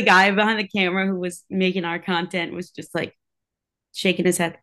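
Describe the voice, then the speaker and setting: A woman guest in a relaxed podcast conversation, speaking in a slightly low voice. She strings her thoughts together loosely, leaning on "like" and "um" as fillers. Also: normal speed. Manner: chatty, filler-heavy with frequent "like" and "um". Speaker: cheerleader for a pro basketball team. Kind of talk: casual podcast chat.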